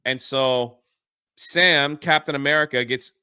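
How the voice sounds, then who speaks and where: A man's voice: medium pitch, fairly even intonation, unhurried, pushed and bright, smooth, no room sound, clean studio sound. A man hosting a podcast, giving a casual, rambling spoiler recap of a movie with lots of fillers. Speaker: podcast host.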